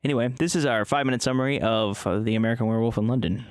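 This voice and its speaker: A man's voice: mid-range voice, racing, clear, resonant tone, no room sound. A man co-hosting a podcast, casually retelling a film's plot in a rambling way with lots of fillers. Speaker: podcast co-host. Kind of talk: casual movie recap chat.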